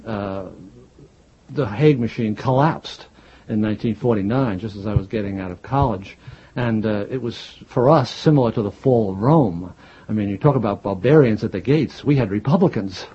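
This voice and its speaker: Man in his 60s, Jersey City accent, low mellow voice, rambling with uh's, dull lo-fi recording. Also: breathy edge. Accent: Jersey City, drops R's. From Jersey City, New Jersey. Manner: rambling, hesitant, many uh's, chuckles. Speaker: guest, historian and novelist. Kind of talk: reflective interview conversation.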